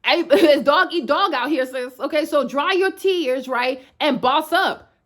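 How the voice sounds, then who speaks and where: A woman's voice: high voice, unhurried, fairly bright tone. A young woman fitness influencer giving a blunt, slangy rant straight to camera, tagging her points with "right?". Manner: emphatic, repeats "right?" tags, slangy and sassy.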